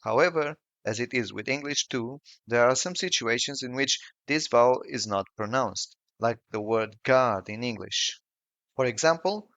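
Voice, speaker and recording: A man narrating a scripted language lesson in a slow, careful, explanatory way. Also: mid-range voice, fairly bright tone, no echo, highs cut off. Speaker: language teacher.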